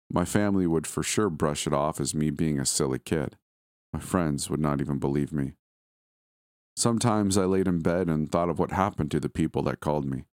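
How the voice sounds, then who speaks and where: A man reading a scripted first-person horror story in a steady, measured way. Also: a bass voice, no room sound, clean studio sound.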